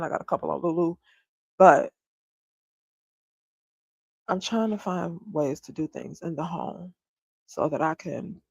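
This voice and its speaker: A woman's voice: fairly low pitch, gravelly, husky, no room sound, lo-fi sound. A woman, a stay-at-home homeschooling mom, venting candidly to her livestream viewers and swearing freely. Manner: talks straight to viewers, often asks if they follow her. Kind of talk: casual livestream chat.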